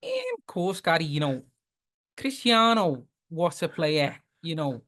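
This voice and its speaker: A man's voice: fairly high pitch, huge pitch swings, slow, fairly bright tone, exaggerated voice. A man doing a Scouse accent to play an earnest, rambling football pundit. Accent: Liverpool (Scouse), put on. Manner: rambling, repeats "you know" and "Gary". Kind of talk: football impression on a podcast.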